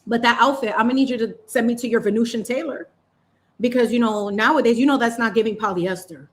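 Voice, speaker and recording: Chatty woman painting and talking, higher voice. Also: quick pace. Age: adult parent. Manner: chatty, animated, playful slang. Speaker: channel host. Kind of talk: casual chat while painting.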